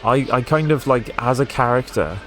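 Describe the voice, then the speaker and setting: A man's voice: mid-range voice, normal speed, fairly bright tone, soft background music. A young man with a posh British accent, chatting casually and rambling with fillers while he plays through a racing game on stream. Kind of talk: casual gameplay stream chat.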